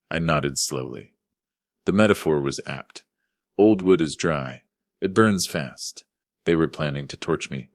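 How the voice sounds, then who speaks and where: A man narrating a dramatic first-person story in a grave, forceful way. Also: a bass voice, animated, measured pace, no room sound, studio quality.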